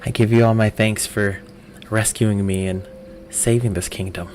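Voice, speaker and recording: A man's voice: on the low side, steady tone, moderate pace, a little mellow, slight background noise, close to an everyday voice. A man voicing a grateful male elemental guardian spirit who gushes over the heroes and gives grand, solemn speeches.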